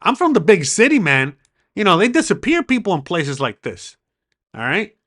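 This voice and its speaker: Bright-voiced excitable man telling a story. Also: sits high, normal speed. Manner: excitable, swearing, acts out the quoted dialogue. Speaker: vlogger. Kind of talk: casual storytelling to camera.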